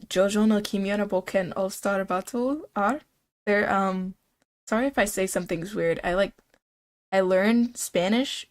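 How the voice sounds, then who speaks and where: A woman live streamer chats with her viewers in a loose, playful way, rambling from one thought to the next and sprinkling her talk with "like" and "dude". Her voice sits at an average pitch.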